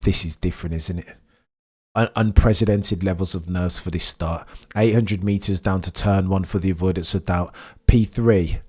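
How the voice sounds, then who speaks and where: A young man hosting a live race watchalong stream, talking straight to his chat, quiet and nervous one moment, loud and excited the next. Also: sits low, normal speed, slightly rough. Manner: chatty, talks straight to his viewers; swings from hushed nervous mumbling to loud excited shouting. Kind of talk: live sports watchalong commentary.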